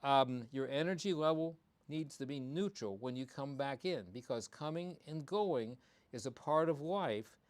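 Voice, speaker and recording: On his live show about how pets behave, a male veterinarian speaks a little slowly in a medium-pitched voice. His delivery is chatty and full of ums and false starts, and he hammers home his key ideas by repeating them with emphasis.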